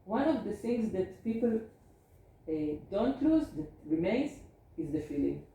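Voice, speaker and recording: A woman's voice: medium pitch, sing-song, unhurried, warm tone, far from the mic. Woman doctor lecturing from across an echoey room. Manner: earnest, explains with spoken examples, non-native grammar. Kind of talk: seminar lecture. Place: seminar room.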